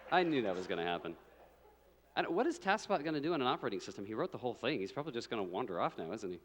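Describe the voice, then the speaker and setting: A man's voice: mid-range voice, big pitch swings, very fast, slight background noise. A man presenting a live speedrun showcase, chatty and loose, joking with the others.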